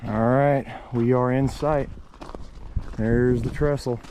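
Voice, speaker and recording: A man vlogging casually outdoors near railroad tracks, rambling with many fillers and sometimes dropping to a hush. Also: medium pitch, steady tone, slow, slight background noise. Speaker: urban explorer vlogger. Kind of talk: casual vlog narration.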